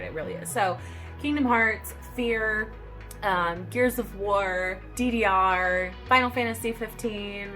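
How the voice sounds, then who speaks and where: A young adult woman chatting casually in a get-to-know-me vlog, bubbly and excitable, with lots of "like" fillers. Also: medium pitch. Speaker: vlogger.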